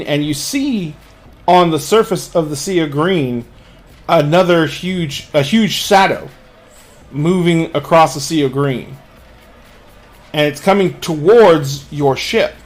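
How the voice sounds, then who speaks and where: A man's voice: a little high, unhurried. A man game master narrating a tabletop game scene, with frequent restarts.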